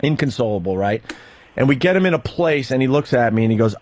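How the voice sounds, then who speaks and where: A male radio host telling a long personal story in casual talk, halting and rambling, laughing nervously through grim parts. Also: mid-range voice, lively intonation, darkish tone.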